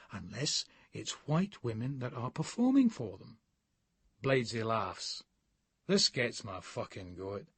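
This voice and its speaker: A man's voice: on the high side, husky, no echo. A man with a Scottish accent reading a novel aloud in the first person, with a coarse, brash, sneering delivery. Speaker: audiobook narrator.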